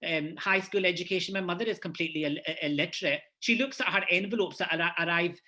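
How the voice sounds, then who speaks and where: A man's voice: high-pitched, quick pace, pushed and bright. A man with a Glasgow Scottish accent speaking earnestly on a conference panel, with many restarts. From Scotland. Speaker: panelist, head of university department.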